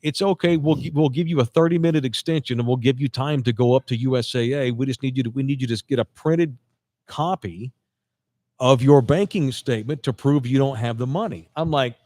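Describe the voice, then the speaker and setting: A man's voice: mid-range voice, brisk, no room sound. A man hosting a podcast, telling a long story in casual chat, acting out both sides of the conversation with lots of restarts. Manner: animated storyteller quoting others, frequent restarts. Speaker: podcast host.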